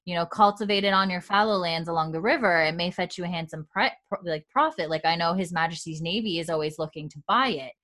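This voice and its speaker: A haughty male naval officer talks in a stiff, formal way and slights everyone around him. His pitch sits fairly low, voiced casually by a woman retelling the scene. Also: fast, hardly any pauses, a bit bright, natural voice. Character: haughty naval lieutenant, man, smug and rude.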